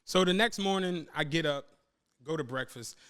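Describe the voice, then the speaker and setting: High-pitched young dude on a podcast, telling a crazy trip story, cussing, doing his friends' voices. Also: moderate pace. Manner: animated storyteller, acts out friends' lines, swears freely. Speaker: podcast host. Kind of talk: casual chat, travel storytelling.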